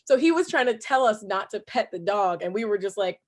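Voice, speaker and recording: A young woman from New Jersey with a New Jersey accent, telling a casual story with swearing and animated quoting. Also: mid-range voice, brisk. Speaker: guest, cousin of host.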